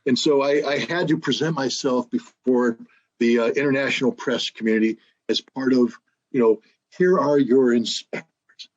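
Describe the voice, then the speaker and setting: A man's voice: medium pitch, fairly even intonation, moderate pace, highs cut off. A man telling stories in casual conversation, emphatic, with frequent restarts. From United States. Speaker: guest, former weapons inspector.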